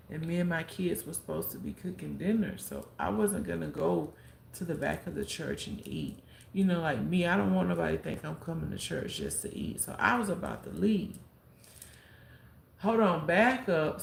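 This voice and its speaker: A content creator on a live stream tells a story animatedly, acting out what people said and offering heartfelt advice. Her voice is low-pitched and gravelly. The recording has a roomy echo with faint background ambience and slight background noise.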